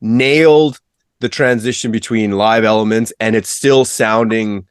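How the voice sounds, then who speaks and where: A man co-hosting a casual podcast, telling a story in quick, excited bursts. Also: lowish voice, smooth, no room sound, studio quality. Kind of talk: casual chat.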